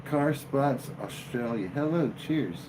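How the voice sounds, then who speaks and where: A man hosting a live stream, chatting casually and joking with his viewers in a slow, drawling way. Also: medium pitch, animated, noisy background. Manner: slow, drawling, jokey banter with chat. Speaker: livestream host.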